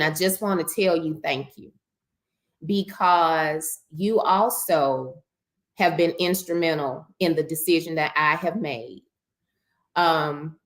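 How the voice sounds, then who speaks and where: A woman educator and school founder, a guest in an interview, speaking slowly and earnestly. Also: lowish voice. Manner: slow, deliberate and earnest.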